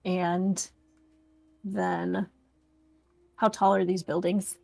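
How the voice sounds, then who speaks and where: A woman's voice: fairly low pitch, level tone, very slow, gravelly, a little mellow, no room sound. A woman playing a tabletop game, hesitant and thinking aloud. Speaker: player. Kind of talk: casual chat at a game table.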